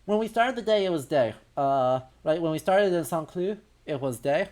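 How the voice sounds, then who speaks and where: A man's voice: a little high, lively intonation, moderate pace, a little mellow. A man casually commenting on a video game during a live stream, musing aloud, correcting himself and talking to his chat. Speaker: history streamer.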